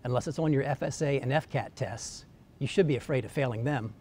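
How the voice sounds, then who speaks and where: A man delivering a scripted weekly news commentary with wry, deadpan humor. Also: mid-range voice, a little fast, husky. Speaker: columnist giving weekly commentary.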